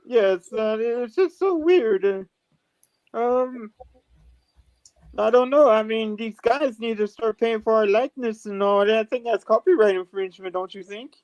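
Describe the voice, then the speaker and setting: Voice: mid-range voice, unhurried, a little mellow, natural voice. A panelist playing a crude, joking male alien visitor who rambles with lots of fillers. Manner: rambling, hesitant, full of fillers. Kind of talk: comic panel role-play.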